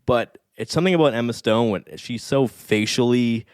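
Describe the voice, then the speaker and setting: A man's voice: medium pitch, normal speed, a little mellow, clean tone, no echo, studio quality. A man in his thirties, a guest on a podcast, talking casually and with enthusiasm about past comedy episodes. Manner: enthusiastic, reflective, rambling. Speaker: podcast guest, statistics expert.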